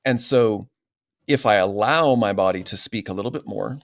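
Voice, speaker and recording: A man's voice: lowish voice, moderate pace, dry recording, clean studio sound. A man as a podcast guest, talking in an earnest, explanatory way and often checking in with "right?". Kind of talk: casual interview talk.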